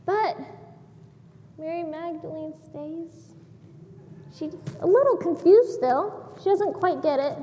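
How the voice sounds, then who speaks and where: A woman's voice: very high-pitched, slow, long pauses, mellow, big-room sound, a little hiss or hum. A woman giving a children's sermon in a church, animatedly asking the kids questions as she tells the story. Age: adult. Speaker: children's minister. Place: church sanctuary.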